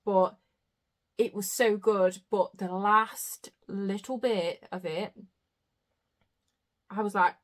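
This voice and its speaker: A woman's voice: mid-range voice, steady tone, slow pace, long pauses. Chatty woman. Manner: chatty, trails off and restarts, self-mocking. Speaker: book vlogger. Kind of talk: casual chat.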